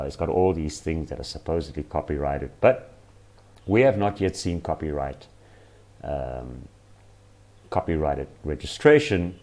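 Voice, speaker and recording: A man's voice: extremely low pitch, lively intonation, unhurried, darkish tone. A man hosting a channel, giving rambling, exasperated casual commentary. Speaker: channel host.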